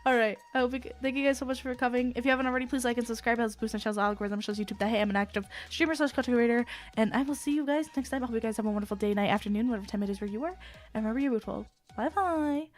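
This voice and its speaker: Woman streamer with a sick voice, slightly high pitch, rambling and apologetic with sighs, faint music underneath. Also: steady tone, racing. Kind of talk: casual live-stream chat.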